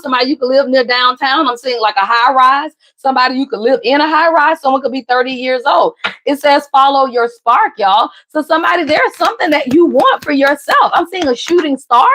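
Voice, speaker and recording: High-pitched woman reading tarot cards. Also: a little fast, a bit bright. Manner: emphatic, repeats "somebody" and "y'all", jumps in pitch. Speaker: tarot reader. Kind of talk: casual tarot reading to viewers.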